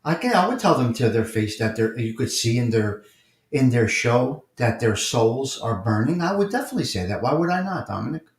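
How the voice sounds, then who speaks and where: A man with a New York accent talks casually on a live stream, answering chatters by name and hammering his points with repetition. His voice sits at an everyday middle pitch. The room around him rings with a noticeable echo. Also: sing-song, fairly quick. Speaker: host of a live morning chat stream. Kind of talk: casual livestream chat, reading and answering viewer comments. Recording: roomy echo.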